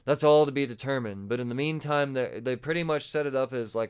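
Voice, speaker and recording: A man hosting a podcast, recapping a comic book story in a rambling, excited and profane way. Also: medium pitch, a little fast, hardly any pauses, clean tone. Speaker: podcast host. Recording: dull lo-fi audio.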